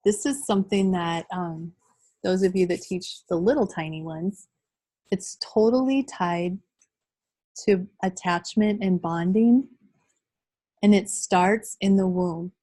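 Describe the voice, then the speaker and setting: A woman's voice: on the low side, slow, mellow, poor audio. A middle-aged woman leading a live training workshop, talking conversationally and addressing the group directly.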